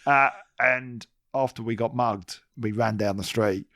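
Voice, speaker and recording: Laid-back British podcast co-host. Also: male voice, mid-range voice, fairly even intonation, a bit bright, no room sound, clean studio sound. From Britain. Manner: laid-back, laughs often, halting restarts. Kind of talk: casual comedic chat.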